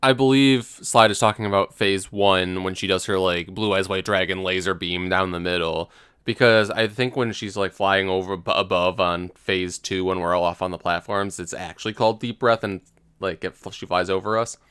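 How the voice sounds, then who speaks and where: A man's voice: sits low, fairly even intonation, normal speed, a bit bright, clear, resonant tone, dry recording, studio quality. A man co-hosting a podcast, rambling through casual gaming chat with lots of "like" as filler. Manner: rambling, heavy use of "like". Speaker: podcast co-host.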